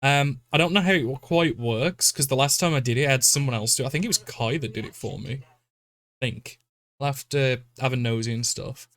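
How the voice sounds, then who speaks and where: A man's voice: mid-range voice, brisk, fairly bright tone, no room sound. Man, stream host, rambling chat, swears, laughs a lot.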